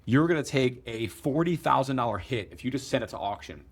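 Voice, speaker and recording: Brief: male podcast host, mid pitch, casual, recaps the guest. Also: lively intonation, brisk, breathy edge. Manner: brief backchannels, then recaps the guest's point. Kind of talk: casual interview chat.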